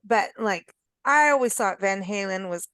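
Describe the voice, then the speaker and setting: A woman's voice: mid-range voice, expressive, measured pace, a bit bright, clear, resonant tone, no room sound, clean studio sound. A woman hosting a radio chat show, chatty and enthusiastic, teasing her guests. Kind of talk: casual chat.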